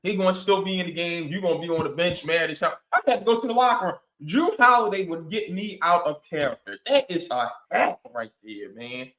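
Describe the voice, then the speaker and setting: A man's voice: high-pitched, fairly quick, few pauses, reverberant, low-quality recording. A man co-hosting a sports podcast, telling stories with playful exaggeration in casual chat. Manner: animated storytelling, playful exaggeration. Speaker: podcast co-host.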